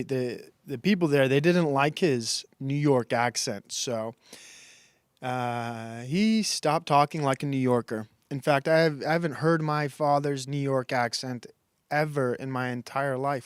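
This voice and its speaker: A man's voice: medium pitch, clear, resonant tone, no echo, clean studio sound. A man streaming a casual monologue who rambles and halts, with many fillers and restarts.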